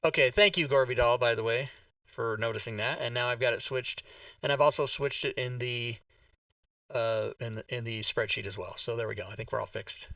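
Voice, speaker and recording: A man's voice: mid-range voice, brisk, creaky, pushed and bright, dry recording, distant mic. A man hosting a live tabletop game stream, talking to himself while fixing his setup and swearing under his breath. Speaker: game master. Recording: dull lo-fi mic, slightly off-mic.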